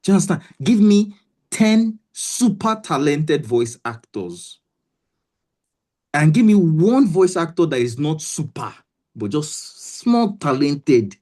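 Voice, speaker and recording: Emphatic Nigerian woman, low lively voice. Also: measured pace. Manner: emphatic, repeats herself, keeps asking "do you understand". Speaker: guest voiceover coach. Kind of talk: motivational webinar talk.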